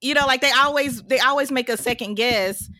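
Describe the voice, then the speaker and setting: A woman's voice: sits high, a little fast, sharp tone, no room sound. A woman co-hosting a podcast, casually musing about a TV show's characters and agreeing with her co-host. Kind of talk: casual TV recap chat.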